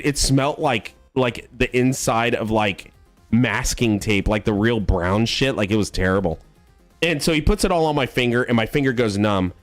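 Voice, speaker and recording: A man in his thirties, a streamer, casually telling a long story in a rambling, profane way full of fillers. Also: medium pitch. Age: 30s.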